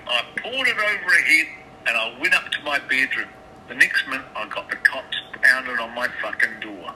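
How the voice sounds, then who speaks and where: A man talks over a phone line with a steady hiss behind him. His voice is bright and lively, rising and falling a lot. He swears often and stumbles over repeated words. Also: fairly high pitch, moderate pace. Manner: swears often, stammers and restarts. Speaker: caller. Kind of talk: agitated phone call. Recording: phone line with background noise.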